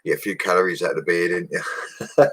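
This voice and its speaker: The host is a young bricklayer streaming indoors at home, relaxed and chatty as he laughs a lot, throws in slang and responds to viewer comments. He talks a little fast in a low, husky voice.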